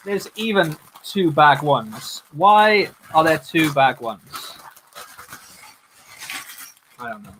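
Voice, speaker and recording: A man's voice: fairly high pitch, sing-song, slow, long pauses, a bit bright, slight background noise. A man hosting a casual livestream, chatting and joking with viewers as he builds. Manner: jokey, chatty, talks to viewers. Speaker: livestream host.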